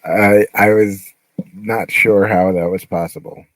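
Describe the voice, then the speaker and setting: A man's voice: on the low side, steady tone, slow pace, no echo. A man joining a live audio chat as a guest, speaking in an earnest way.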